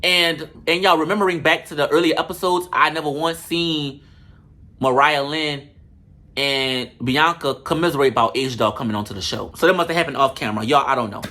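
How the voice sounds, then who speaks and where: A man giving a casual, comedic recap of a reality show, animated and profane with a sassy edge. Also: a little high, brisk.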